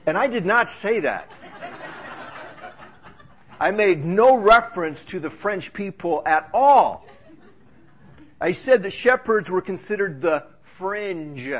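A man's voice: high voice, lively intonation, takes it slowly, pauses often, a bit bright. A man preaching a sermon as pastor in a church service, talking in a conversational, joking, storytelling way.

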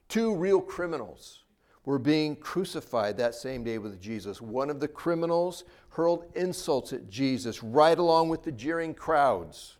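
A man's voice: mid-range voice, lively intonation, normal speed, darkish tone. A man preaching a sermon, earnest, rising and dropping his voice for emphasis. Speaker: pastor.

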